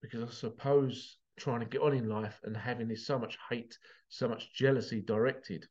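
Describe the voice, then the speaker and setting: A passionate man talks straight to his viewers about jealousy and pushing forward, swearing freely and choking up with emotion. His voice sits at an ordinary middle pitch, and the recording sounds a little muffled. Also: steady tone, normal speed, darkish tone. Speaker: motivational vlogger. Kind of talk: emotional motivational monologue.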